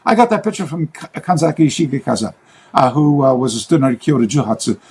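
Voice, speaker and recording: A man speaking as an interview guest in a casual chat, rambling and halting, with many fillers and restarts. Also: medium pitch, animated, a little mellow, husky, low-quality recording.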